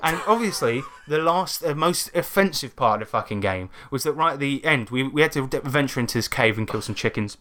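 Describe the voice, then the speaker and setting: A man's voice: mid-range voice, a little fast, few pauses. A man from England co-hosting a podcast, telling tabletop game stories in casual chat, swearing freely and slipping into quoted voices. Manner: swearing, animated storytelling with put-on quotes. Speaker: podcast co-host.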